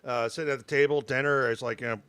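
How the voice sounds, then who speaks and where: A man in a casual conversation, quiet and reflective, his pitch in the middle range. He pauses often and fills the gaps with hesitant "uh"s and "you know"s. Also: steady tone, clean tone, dry recording. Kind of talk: casual chat.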